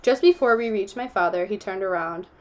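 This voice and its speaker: A woman reading a novel aloud, telling the story steadily and giving the characters gentle voices. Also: mid-range voice, fairly quick. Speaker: audiobook reader.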